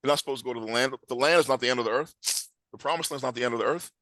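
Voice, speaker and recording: A man teaching a scripture class, emphatic, quizzing his listeners and reading words aloud slowly. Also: medium pitch, bright, forceful tone, no room sound.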